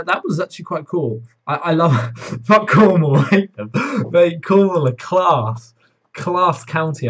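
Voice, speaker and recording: A man's voice: mid-range voice, noisy background. A teenage male live streamer from Wales, chatting casually and teasing his chat with lots of swearing. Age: teens.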